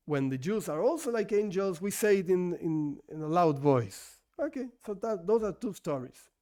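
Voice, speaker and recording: A male rabbi whose first language isn't English teaches an informal religious class in a voice that sits high yet has a dark tone. He talks conversationally, asking rhetorical questions and often restarting his sentences.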